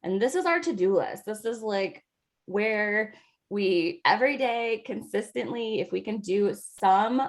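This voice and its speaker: A woman leading a training call for new coaches, chatting loosely and filling pauses with "like" and "um". Her voice has a gravelly, fry-tinged edge at an average pitch. She sounds like she is talking into a computer mic on a video call. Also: lively intonation. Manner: chatty, with many "like" and "um" fillers. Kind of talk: casual training talk over a video call.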